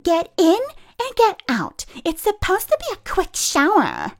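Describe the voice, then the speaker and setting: An impatient, bossy woman scolds at the top of her voice, shrill and high, as a woman storyteller puts her on. Her pitch leaps around as she nags. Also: huge pitch swings, measured pace, full character voice. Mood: scolding.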